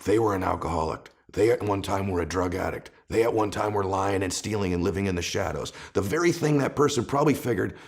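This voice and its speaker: Talking fast with few pauses, a middle-aged man sits for a conversational podcast interview as a guest author. His voice sits low, and he drives his points home passionately through repeated phrases.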